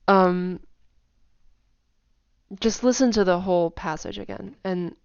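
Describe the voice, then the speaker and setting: Woman teacher, lowish gravelly voice, chatty and filler-heavy, dry dull recording. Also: slow pace, no echo. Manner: chatty, many fillers, repeats example phrases. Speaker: language teacher. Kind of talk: casual explanatory lesson.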